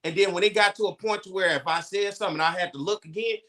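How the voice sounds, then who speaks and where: A man's voice: high-pitched, fast. A man co-hosting a casual podcast chat, telling stories bluntly with plenty of profanity and acting out the people in them. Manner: blunt, animated storytelling with profanity. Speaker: co-host.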